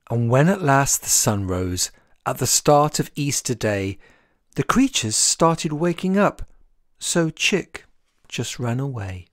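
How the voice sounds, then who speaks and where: Storybook read-aloud, rhyming verse, slow pace, lively sing-song rhythm, expressive. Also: mid-range voice, dry recording, studio quality. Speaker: author reading aloud.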